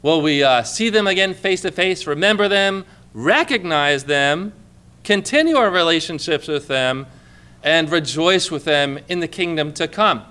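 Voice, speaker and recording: Bright, clear-voiced male pastor preaching. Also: on the high side, expressive, unhurried. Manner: conversational preaching with many rhetorical questions, asks for amens. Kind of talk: sermon. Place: church with a congregation.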